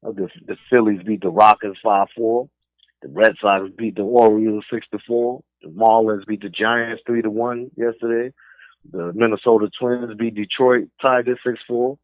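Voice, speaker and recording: A man's voice: fairly low pitch, flat delivery, normal speed, no room sound. A man from New York with a New York accent, hosting a casual sports talk radio show in a streetwise, opinionated way. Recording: dry, phone-like narrow band.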